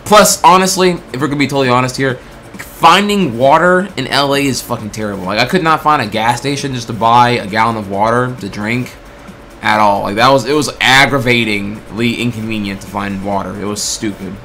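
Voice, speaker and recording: A man telling a story in a casual, animated way, swearing often, packed with filler words and acted-out exchanges. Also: medium pitch, a little fast, soft background music. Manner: acts out quoted exchanges in bursts. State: throat getting tired.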